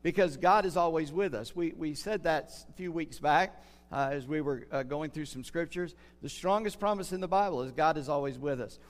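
An older man from the United States, preaching a sermon as pastor in an earnest way, slowing down to stress key words. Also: a little high. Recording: long hall reverb.

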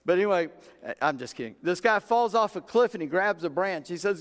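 In a church sanctuary with long hall reverb, a pastor delivers a sermon, telling folksy stories and acting out the voices in his quotes. His voice sits high and is expressive, moving at a fairly quick pace.

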